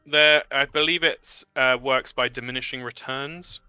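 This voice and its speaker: Male game master, upbeat narrator, smooth resonant tone, faint music behind. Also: mid-range voice, measured pace, no room sound. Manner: lively, upbeat narration with rule explanations. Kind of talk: narrating and running a tabletop game.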